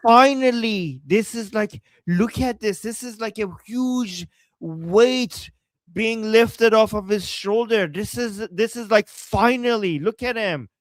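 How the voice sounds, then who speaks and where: A man hosting a live show, excitedly commenting on news video and repeating himself. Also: sits high, slow pace, dry recording. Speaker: show host.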